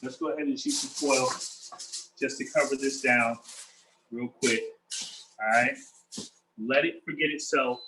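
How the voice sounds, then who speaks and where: A man's voice: mid-range voice, a little slow, pauses often, bright, forceful tone, a little hiss or hum, low-quality recording. A man hosting a cooking demonstration in a kitchen, upbeat and chatty, talking straight to his viewers. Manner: upbeat, chatty, addresses viewers as y'all and family. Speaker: chef hosting a cooking demo.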